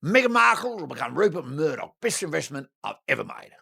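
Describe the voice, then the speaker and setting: A man's voice: on the high side, sing-song, a little fast, vocal fry, bright, forceful tone, slightly rough, full character voice. A man voicing a brash, boastful billionaire.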